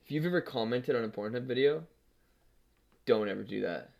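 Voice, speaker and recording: A man's voice: medium pitch, lively intonation, brisk, gravelly, a little mellow. A man co-hosting a casual podcast, loose and rambling, swearing as he goes. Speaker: podcast co-host. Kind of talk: casual chat.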